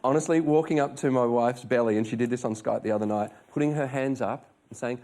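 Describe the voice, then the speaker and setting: A male comedian guest telling animated stories in casual talk show chat. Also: medium pitch. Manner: animated storytelling, quick jokey asides.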